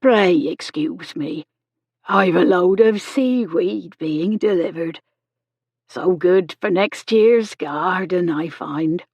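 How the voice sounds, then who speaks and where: A woman voicing a kindly, practical older woman nurse, with slow, matter-of-fact speech. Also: fairly low pitch, darkish tone, husky, no echo, exaggerated voice. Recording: dull lo-fi audio.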